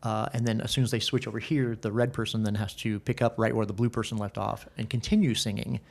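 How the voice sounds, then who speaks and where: A middle-aged man talking about his hobby as a podcast guest, easygoing and halting, with many pauses and fillers. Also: fairly low pitch, level tone, gravelly. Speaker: podcast guest, improv player. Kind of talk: casual interview chat.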